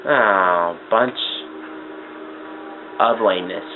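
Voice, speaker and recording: A young man giving casual let's-play commentary, excitable and swearing as he talks to the game. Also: low-pitched, drawn-out words. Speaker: gameplay commentator. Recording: tinny lo-fi mic with noise.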